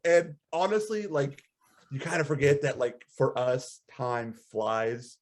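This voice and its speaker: A man on a casual podcast, telling a story with plenty of energy. He swings up into high-pitched laughter as he goes, and his voice sits at a middle pitch. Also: takes it slowly. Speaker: podcast co-host.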